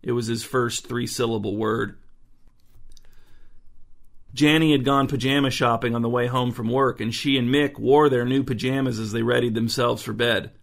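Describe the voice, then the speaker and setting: A man narrating a story in a dry, even reading voice. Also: medium pitch, moderate pace, gravelly. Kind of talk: audiobook narration.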